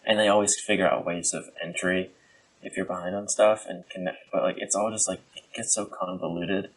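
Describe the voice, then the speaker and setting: A man co-hosting a podcast in casual, rambling chat, joking and filling pauses with "like" and "um". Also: sits low, fairly even intonation, slight background noise, low-quality recording. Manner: rambling, jokey, many fillers. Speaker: podcast co-host.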